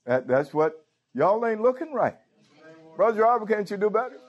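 A man's voice: high voice, big pitch swings, normal speed, dull audio. A pastor preaching a sermon. He talks informally and keeps calling out to his congregation. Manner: informal preaching with frequent call-outs to the congregation. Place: church.

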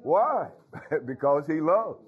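A man's voice: a little high, very animated, slow pace, breathy edge, phone-quality sound. A man preaching a folksy sermon as pastor, talking straight to his congregation and dropping in hallelujahs. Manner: folksy, talks to congregation, frequent hallelujahs and laughs.

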